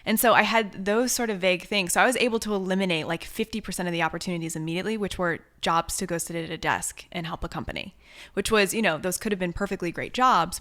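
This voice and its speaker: Brief: young adult woman, podcast guest, low-pitched, earnest and reflective, lively when quoting herself. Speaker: author and coach, podcast guest. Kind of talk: conversational interview.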